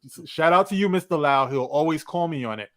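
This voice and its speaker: A man's voice: a little high, a little fast, no room sound, studio quality. A man talking bluntly and laid-back on a casual podcast panel.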